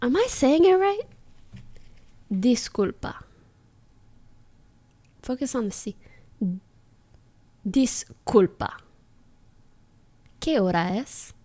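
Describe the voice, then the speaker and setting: Woman streamer, playful, laughs a lot, lively and slow-paced. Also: sits high. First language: English. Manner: playful, laughs often, repeats phrases aloud. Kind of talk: casual livestream chat, practicing phrases.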